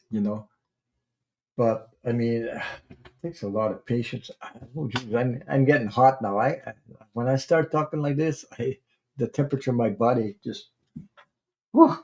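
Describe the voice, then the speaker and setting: A man hosting a tarot livestream, chatting casually and rambling, with halting restarts while he greets viewers. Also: medium pitch, darkish tone. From Canada.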